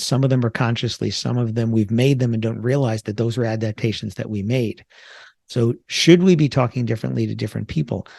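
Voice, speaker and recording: A man's voice: medium pitch, vocal fry, mellow, no echo, clean studio sound. A man from the New York area hosting a solo podcast, talking in a conversational, reflective way with frequent filler words. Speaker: podcast host.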